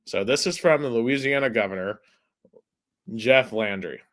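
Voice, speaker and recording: A man's voice: mid-range voice, measured pace, a bit bright. A man hosting a casual sports podcast, chatty and filling his talk with "like". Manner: chatty, heavy use of "like". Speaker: podcast host.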